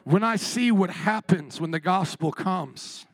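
A man preaching a sermon as pastor, impassioned, swinging from quiet and tender to shouting. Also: high voice, animated, measured pace, dry recording, faint music behind.

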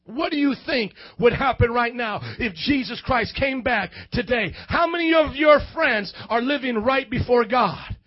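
A man, a youth pastor preaching a fiery sermon to his congregation, breaking into shouted, sing-song outbursts. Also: very high voice, a little slow, few pauses, muffled recording. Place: church hall before a youth congregation.

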